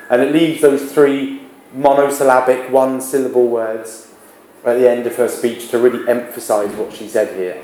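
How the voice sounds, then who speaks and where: A man's voice: medium pitch, little pitch movement, moderate pace, a little mellow. A man teaching a classroom literature lesson, explaining patiently and asking rhetorical questions. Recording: echoey classroom with background noise.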